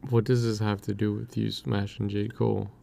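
A man's voice: lowish voice, little pitch movement, moderate pace, creaky, warm tone. A young man co-hosting a casual podcast, pushing back in disbelief and pressing his co-host with questions. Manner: incredulous, pushes back with questions.

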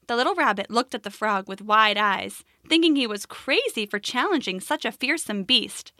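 A woman narrating a children's story in a gentle, expressive way. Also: a little high, normal speed, hardly any pauses, no echo, studio quality.

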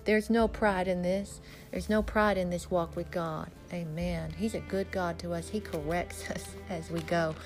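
A woman preaching a sermon, reading scripture slowly and solemnly and building to emphatic, fervent declarations. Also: lowish voice, fairly even intonation, faint music behind.

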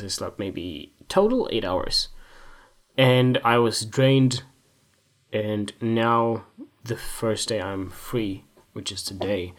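A man's voice: medium pitch, a bit bright. Young male photographer, mid-range voice, loose and candid, rambles, swears, jokes at himself. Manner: candid, rambling, swears freely, self-mocking humor. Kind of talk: casual reflective monologue.

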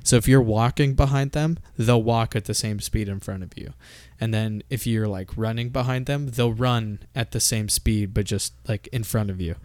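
Smooth-voiced man ranting about games. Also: fairly low pitch, moderate pace, few pauses, darkish tone, dry recording. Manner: profane, ranting, laughs often. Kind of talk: casual gaming chat.

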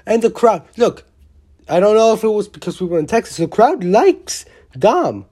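A vlogger giving a casual, opinionated wrestling show review, rambling and excitable, often restarting sentences and swearing mildly. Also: medium pitch, moderate pace, breathy edge. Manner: blunt, with mild swearing.

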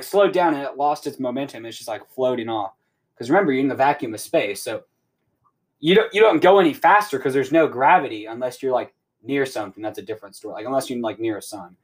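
A young man hosting a podcast, giving a rambling, casual recap of a show episode, full of "like" fillers. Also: medium pitch. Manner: rambling, heavy use of "like" fillers. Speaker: podcast host.

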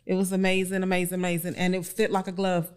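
Woman guest, low-pitched, animated storyteller who repeats herself and acts out quotes. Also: quick pace, clean tone. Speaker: podcast guest, bride. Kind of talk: casual chat.

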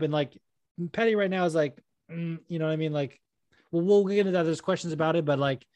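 A young man co-hosting a casual chat, telling stories in an animated way and acting out what others said. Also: fairly high pitch, fairly quick, no room sound. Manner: animated storytelling, acts out quotes. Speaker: podcast co-host.

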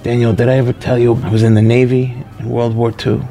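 A man's voice: mid-range voice, flat delivery, fast, creaky, mellow, faint music behind, lightly acted. A man voicing a forgetful, nostalgic man in his nineties who rambles through the same old stories. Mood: fond reminiscing.

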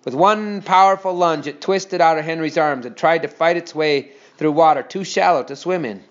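A man reading a children's story aloud with steady, expressive storytelling. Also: a little high, moderate pace. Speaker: narrator. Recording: dull lo-fi recording.

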